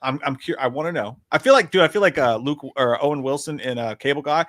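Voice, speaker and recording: A man's voice: fairly high pitch, quick pace, fairly bright tone, no echo. A man joking and teasing his co-host as a podcast host in casual chat.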